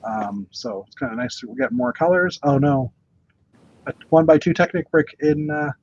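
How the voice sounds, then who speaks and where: A man's voice: on the high side, lively intonation, moderate pace, a little mellow, lo-fi sound. A man co-hosting a casual chat about toy bricks, talking with many fillers and restarts. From Canada. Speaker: podcast co-host.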